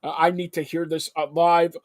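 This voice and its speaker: A man hosting a live broadcast, talking in an excitable, rambling way that jumps between topics. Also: on the high side, normal speed, no echo. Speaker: host. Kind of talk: live call-in broadcast chat.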